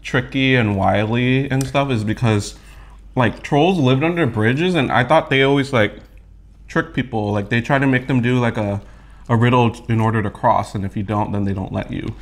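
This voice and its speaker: A man's voice: mid-range voice, normal speed. A young man co-hosting a mukbang, chatting casually, teasing and laughing often. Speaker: co-host of a mukbang channel. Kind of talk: casual chat while eating.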